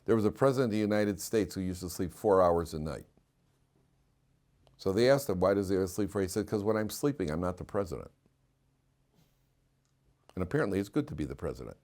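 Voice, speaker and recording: A middle-aged rabbi giving a lively storytelling class, his voice sitting a bit low. He laughs through his anecdotes and keeps turning questions back to the room of listeners. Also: fairly quick, pauses often.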